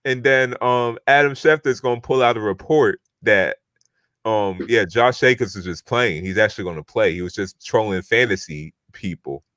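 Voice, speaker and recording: A young man with a low voice joins a podcast over a remote call, brash and boastful. He talks in quick bursts and repeats his words. The sound is dry, with no room echo. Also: fairly bright tone. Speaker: podcast co-host. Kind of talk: casual chat. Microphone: remote call microphone.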